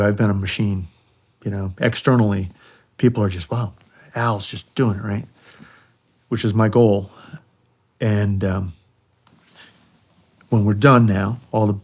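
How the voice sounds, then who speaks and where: Low-voiced middle-aged man telling war stories. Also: darkish tone. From United States. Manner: conversational, acts out quoted voices, frequent "you know". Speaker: guest, retired army helicopter pilot. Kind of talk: candid war storytelling. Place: podcast studio.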